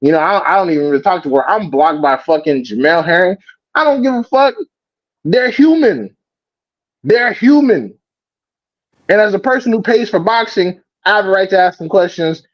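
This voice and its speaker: A man hosting a live reaction stream, talking casually and profanely in an animated rant. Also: high-pitched, normal speed, dull audio. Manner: animated, profane, mocks others in quoted voices. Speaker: host.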